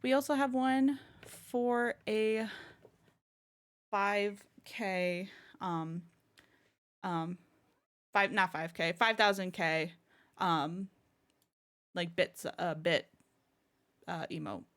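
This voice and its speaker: Slow-talking, giggly woman streamer. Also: medium pitch, fairly even intonation, a bit bright. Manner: bubbly, giggly and rambling, often laughing mid-sentence. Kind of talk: casual live-stream chat.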